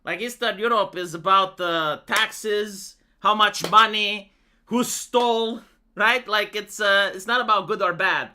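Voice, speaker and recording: Guy ranting about politics on stream, swears a lot, sarcastic, really bright tone. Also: high voice, measured pace. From Romania. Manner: rambling, profane, sarcastic. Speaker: live streamer. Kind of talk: political rant.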